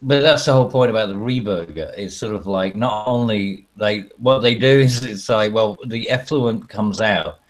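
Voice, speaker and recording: A man's voice: on the low side, normal speed, hardly any pauses, low-quality recording. A man hosting a casual livestream, rambling through stories with crude humor, fillers and frequent laughter. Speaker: stream host.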